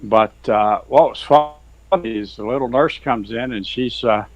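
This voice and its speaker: A man's voice: medium pitch, moderate pace, no echo, rough recording. A man, a Christian author and guest, telling his faith story in a folksy, rambling way over a video call. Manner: folksy, rambling, heavy on "you know" and "sir". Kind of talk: earnest testimony in casual chat.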